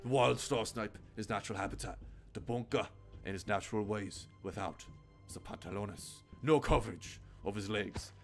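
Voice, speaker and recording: A man putting on an impression of an excitable wildlife presenter, narrating in a mock nature-documentary way over faint game music. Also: lowish voice, normal speed, creaky, voice pushed down. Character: Steve Irwin impression, male wildlife presenter.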